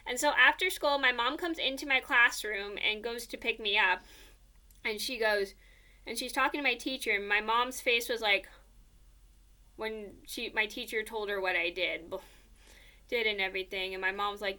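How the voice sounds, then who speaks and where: Bright-voiced woman telling a rambling story. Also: a little high, normal speed. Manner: rambling, many fillers and "blah, blah, blah". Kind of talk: casual personal storytelling.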